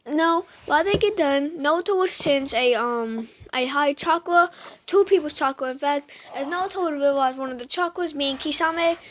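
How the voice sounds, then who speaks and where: Her voice sits high as a woman casually retells a fan story to her viewers. She talks right at the audience, hesitating often and filling it with "um"s and restarts.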